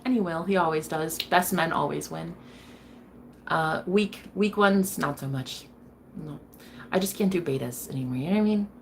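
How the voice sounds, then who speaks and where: A woman's voice: deep voice, normal speed, gravelly, slight background noise. A woman streaming to her viewers, chatting casually as she reads their comments. She is blunt, swears freely and laughs often. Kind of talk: casual livestream chat.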